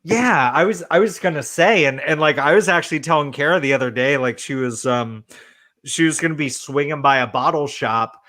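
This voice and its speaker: A man chatting casually as a podcast panelist, musing in a drawn-out, halting way. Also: fairly high pitch, bright, forceful tone. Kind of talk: casual chat.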